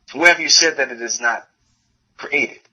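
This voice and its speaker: A man's voice: mid-range voice, pushed and bright, husky, muffled recording. A man giving a religious lecture, reading a text aloud and translating it, often repeating and correcting himself. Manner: halting, self-correcting, repeats phrases while translating.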